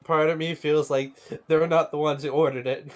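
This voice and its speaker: A man playing a tabletop game, checking details in a relaxed, conversational tone. His voice sits a little high. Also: moderate pace. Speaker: player. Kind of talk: casual tabletop chat.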